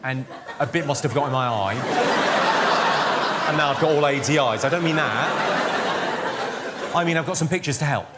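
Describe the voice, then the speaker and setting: A man with a high voice delivers crude, deadpan one-liners in a live stand-up set on a theatre stage. He works the crowd through a handheld stage mic. Loud audience noise runs under every line. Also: moderate pace, pauses often. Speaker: stand-up comedian. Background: audience laughter.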